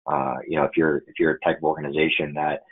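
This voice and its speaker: Deep, husky male webinar panelist, halting delivery, tinny call audio. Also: little pitch movement. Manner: hesitant, many fillers and restarts. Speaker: security expert panelist. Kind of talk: webinar discussion. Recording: muffled phone-like line.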